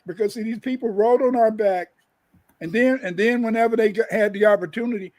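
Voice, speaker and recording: Man co-host, high voice, emphatic, loops back on his words. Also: fairly quick, darkish tone, poor audio. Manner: emphatic, rambling, repeats himself. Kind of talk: casual opinionated talk.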